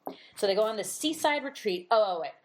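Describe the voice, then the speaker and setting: A woman's voice: medium pitch, animated, fast talker, slight background noise. A woman co-hosting a podcast, chatting casually about a movie with lots of fillers. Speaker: podcast co-host. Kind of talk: casual movie recap chat.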